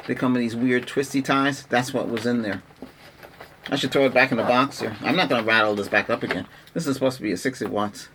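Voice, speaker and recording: A man's voice: mid-range voice, fairly even intonation, quick pace, noisy background. A middle-aged man rambling in an exasperated, casual rant as a tech vlogger, restarting his sentences often. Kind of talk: casual ranting vlog.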